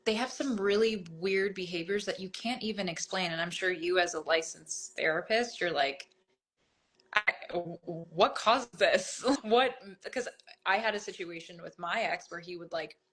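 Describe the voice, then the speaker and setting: A woman guest in a candid conversation, telling her own story in an open, animated way. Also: fairly low pitch, moderate pace.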